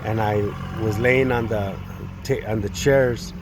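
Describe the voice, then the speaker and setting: A man giving a personal testimony. He speaks in a halting, earnest and distressed way, often restarting and repeating words. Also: lowish voice, steady tone, background noise. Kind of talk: personal testimony, spoken retelling.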